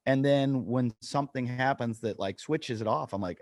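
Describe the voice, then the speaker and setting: A man's voice: mid-range voice, normal speed, a little mellow, no room sound, studio quality. A man co-hosting a podcast, telling a funny story in casual chat and acting out the quotes. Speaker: podcast co-host, comedian.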